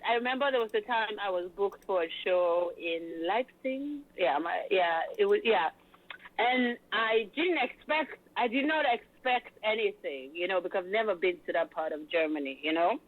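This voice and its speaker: A woman event host telling stories in an animated, hyped way, full of fillers, in a casual interview. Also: medium pitch. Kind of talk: lively interview chat. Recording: tinny phone-like line.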